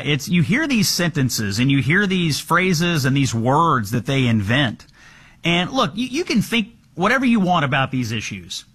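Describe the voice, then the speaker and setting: Male political host, bright tense voice, kinda sarcastic, pitched a bit high. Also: breathy edge. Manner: pointed, sarcastic questioning. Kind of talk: political talk show.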